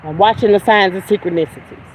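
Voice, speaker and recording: Over street noise and poor audio, a woman hosting a livestream talks fast in a mid-range voice. Her casual monologue is blunt, emphatic and preachy, mixing spiritual talk with cursing.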